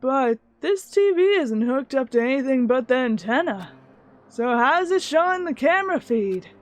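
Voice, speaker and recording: A woman streamer reading a visual novel game aloud in an expressive, puzzled way. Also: sits high, moderate pace. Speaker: let's play streamer.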